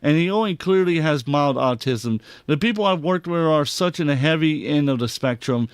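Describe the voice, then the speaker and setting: A man hosting a podcast, reacting to clips in an excitable, heavily profane rant. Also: on the high side, normal speed, clean tone, no room sound, studio quality. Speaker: podcast host. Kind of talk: casual commentary on clips.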